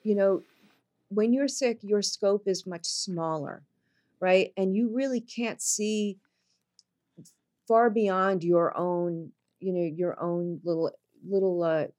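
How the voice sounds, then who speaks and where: A woman guest on a podcast, talking in a reflective, unhurried way, slowing down to stress her points. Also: medium pitch, a little mellow. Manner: reflective, slows down to stress points, many fillers. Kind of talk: casual podcast conversation.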